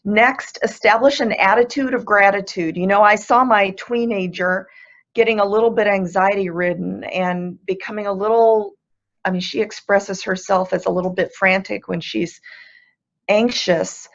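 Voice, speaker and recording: A woman's voice: mid-range voice, fairly even intonation, normal speed, dull audio. A woman speaking as guest speaker in a webinar, earnest and upbeat, walking through numbered tips. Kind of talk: motivational webinar talk.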